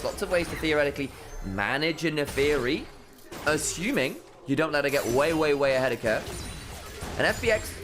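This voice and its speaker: A man with a higher, bouncy voice casts an esports match, swinging between quick calls and silly banter. Music plays under his commentary. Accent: English. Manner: jokey, rambling asides between quick calls. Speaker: esports caster.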